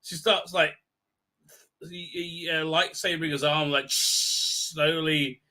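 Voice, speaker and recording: Bright-voiced man ranting on a livestream. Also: fairly high pitch. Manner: rambling, full of halting fillers and restarts. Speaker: livestream host. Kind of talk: ranting show recap commentary.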